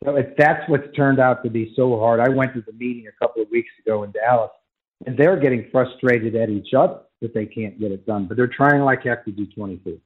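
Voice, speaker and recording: A man's voice: mid-range voice, brisk, husky. A man calling in as a college football writer, giving emphatic, argumentative analysis on sports radio over a phone line.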